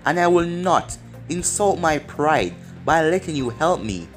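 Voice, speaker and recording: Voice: medium pitch, very animated, a little slow, soft background music. A storyteller voicing a proud, stubborn young female ninja while reading fan fiction aloud, in a plain reading voice. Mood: defiant.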